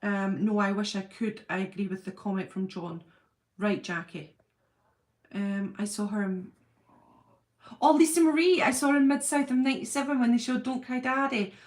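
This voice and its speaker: A woman's voice: medium pitch, normal speed. A chatty middle-aged woman hosts a casual live stream, answering viewers by name. She rambles, wanders off on tangents and laughs easily as she goes. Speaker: livestream host. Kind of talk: casual live chat reading viewer comments.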